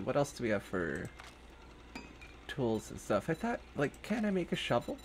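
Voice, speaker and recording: Young man, gaming host, casual running commentary, faint hiss behind. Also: medium pitch. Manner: upbeat, thinking aloud while crafting; jokey, hammy cowboy put-on at intro. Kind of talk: casual let's-play commentary.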